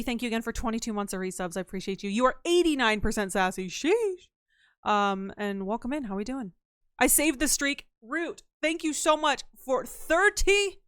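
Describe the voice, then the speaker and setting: A woman's voice: a little high, fairly bright tone, smooth, no room sound, studio quality. A woman streamer chatting casually and playfully with her live chat, teasing and slipping into silly voices.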